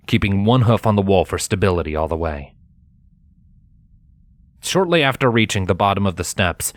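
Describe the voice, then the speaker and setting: A man narrating a fanfiction chapter as an audiobook, in a steady, measured storytelling manner. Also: on the low side. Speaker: audiobook reader.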